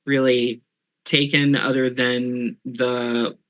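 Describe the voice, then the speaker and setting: A man's voice: medium pitch, flat delivery, takes it slowly, fairly bright tone, lo-fi sound. A man narrating as game master of an online tabletop game, hesitant with many fillers.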